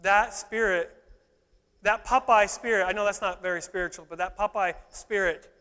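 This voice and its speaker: A man's voice: high-pitched, steady tone, normal speed, sharp tone, clean tone. A male pastor preaching a sermon in a church, playful and joking one moment, fervent the next. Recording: echoey hall reverb.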